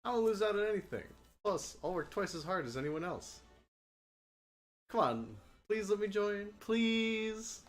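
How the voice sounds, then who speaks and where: A man voicing a brash young female knight in a pushy, pleading falsetto. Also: expressive, measured pace.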